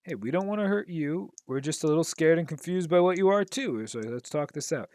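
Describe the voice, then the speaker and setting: A man voicing a calm young male superhero, soothing and reassuring as he talks someone down. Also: fairly high pitch, brisk, dry recording, clean studio sound, pitched above the performer's own voice, close to an everyday voice.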